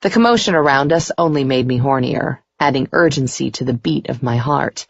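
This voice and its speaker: A woman narrating a first-person romance audiobook in a steady, unhurried reading voice. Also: very deep voice, gravelly, no room sound. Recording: dry, dull muffled recording.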